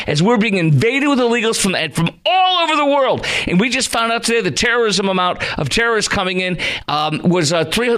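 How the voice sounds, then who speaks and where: Fired-up radio host, higher voice. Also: male voice, sharp tone. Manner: heated, indignant, stammers and restarts. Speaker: radio talk show host. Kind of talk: angry call-in radio rant. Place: radio studio.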